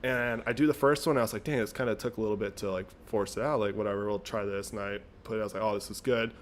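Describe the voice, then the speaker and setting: A man's voice: lowish voice, fairly even intonation, fast talker, slight background noise. A young man co-hosting a podcast, chatting casually, laughing and swearing freely as he reacts and tells his own story. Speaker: podcast co-host. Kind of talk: casual chat.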